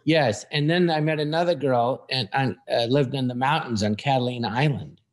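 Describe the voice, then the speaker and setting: A man in his sixties, a comedian guest on a podcast, telling jokes with a deadpan delivery. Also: medium pitch, normal speed. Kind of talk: telling jokes in casual chat.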